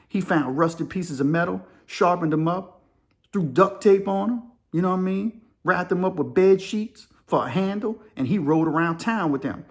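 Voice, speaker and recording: A man's voice: fairly high pitch, moderate pace. A man hosting a crime and prison storytelling channel, talking casually in street slang and pressing his points with pointed rhetorical questions.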